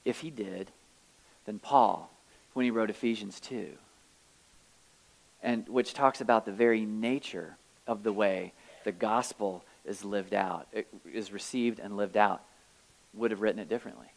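A man's voice: fairly low pitch, measured pace, vocal fry, pauses often, rough recording. A man preaching a sermon, reading scripture aloud and explaining it in a conversational way with wry asides. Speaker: pastor.

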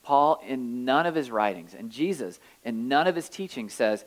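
A man's voice: medium pitch, expressive, moderate pace, hardly any pauses, poor audio. A man preaching a sermon, reading scripture aloud and explaining it in a conversational way with wry asides. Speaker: pastor.

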